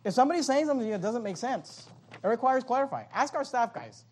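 A man with a high, bright speaking voice preaches a sermon. He is animated and joking, and breaks off into quick acted-out voices before returning to his numbered points. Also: husky. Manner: animated, joking asides, acts out voices of others. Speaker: pastor.

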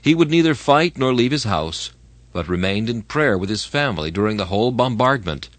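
A man's voice: medium pitch, big pitch swings, a little fast, dry recording, natural voice. A man reading the lines of a male interpreter in an audiobook, in a plain explanatory voice. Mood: explaining. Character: male interpreter answering a question.

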